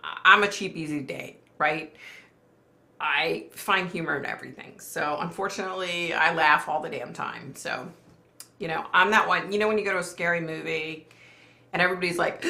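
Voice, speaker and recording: A middle-aged woman hosts a casual live chat, laughing easily and reading comments as she goes. Her voice sits low with a gravelly edge but sounds bright and forward. The room around her is echoey. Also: normal speed. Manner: chatty, laughs often, reads viewer comments aloud. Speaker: livestream host.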